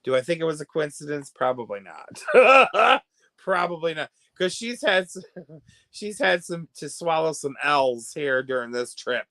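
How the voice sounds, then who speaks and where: A chatty American man hosts a casual home livestream. He gossips, answers viewers and laughs easily, with a voice pitched a little high for a man. The sound is close and dry, with no room echo. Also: normal speed. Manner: chatty, gossipy, laughs often, swings from hushed to loud. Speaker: livestream host. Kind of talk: casual chat reacting to viewer comments.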